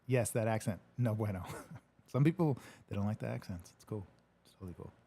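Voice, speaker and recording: Hosting a casual livestream in his home studio, a podcaster reads comments aloud, joking easily and cursing at times. His lowish voice is mellow and animated, with vocal fry and a slightly fast pace.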